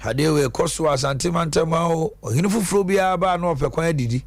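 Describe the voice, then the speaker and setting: A Ghanaian man hosting a phone-in radio show, talking in a lively back-and-forth with callers in a studio. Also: on the high side, brisk, faint music behind. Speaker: radio host taking callers.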